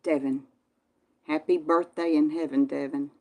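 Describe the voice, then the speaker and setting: A woman's voice: low voice, steady tone, moderate pace, warm tone. A woman from Texas with a Southern accent, casually chatting with viewers on a live stream in a folksy manner. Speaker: channel host reading live chat.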